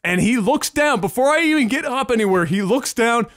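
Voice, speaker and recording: A man co-hosting a podcast, telling a story in a casual, animated and profane way. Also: extremely high pitch, fairly quick, no room sound, studio quality. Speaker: podcast co-host.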